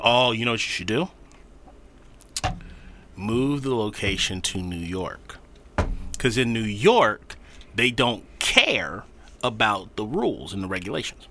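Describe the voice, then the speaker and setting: A man's voice: medium pitch, unhurried, long pauses, a little hiss or hum. A man in casual, profane chat, telling stories with lots of swearing and laughter and acting out what people said. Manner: animated storytelling, swearing, laughing, acting out quotes.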